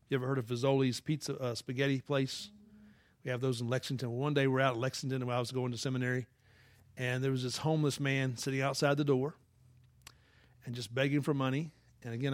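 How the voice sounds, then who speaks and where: A young man preaching with an earnest, folksy warmth of conversation. His voice sits at an ordinary middle pitch. The recording is dry and close, with no room sound. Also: no room sound. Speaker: pastor. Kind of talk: sermon with prayer.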